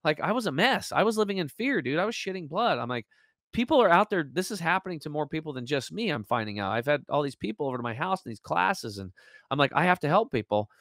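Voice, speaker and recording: A man's voice: fairly high pitch, lively intonation, fast, a bit bright, no room sound, studio quality. A man telling a personal story as an interview guest on a video call, acting out the quoted dialogue with lots of fillers.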